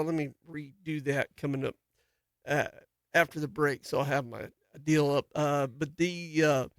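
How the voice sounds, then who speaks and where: A man's voice: on the high side, a bit bright, no room sound. A man hosting a daily farm radio show, talking casually in a folksy, rambling way with many fillers and restarts. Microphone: studio microphone.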